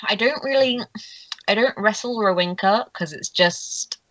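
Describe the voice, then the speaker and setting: Giggly woman game master, bright voice. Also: medium pitch, unhurried, no echo, dull audio. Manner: giggly, casual. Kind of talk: narrating a tabletop game.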